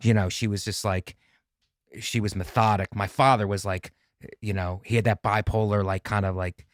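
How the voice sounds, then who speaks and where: A man, a comedian guest, in casual chat, speaking haltingly and repeating phrases as he talks about something personal. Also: fairly low pitch, fairly even intonation, no room sound, studio quality.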